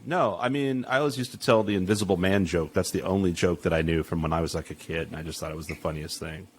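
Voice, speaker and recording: A man's voice: low voice, fast, a little hiss or hum. A man hosting a podcast in casual chat, rambling and crude, laughing often.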